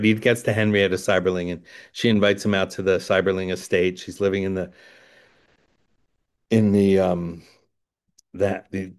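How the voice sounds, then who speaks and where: Rambling, wry storytelling man. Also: deep voice. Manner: digressive, self-deprecating, with wry asides. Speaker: speaker at a recovery talk. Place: indoors by a window.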